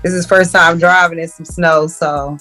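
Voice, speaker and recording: A woman's voice: lowish voice, fairly even intonation, moderate pace, over music, low-quality recording. A woman, chatting in a laid-back way on a podcast and laughing often. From Virginia, United States. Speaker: podcast guest. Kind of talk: casual podcast chat.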